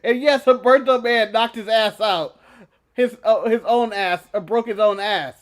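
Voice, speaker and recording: A man co-hosting a casual wrestling recap, animated and jokey, often laughing and slipping into mock voices. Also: sits high, measured pace. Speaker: podcast co-host.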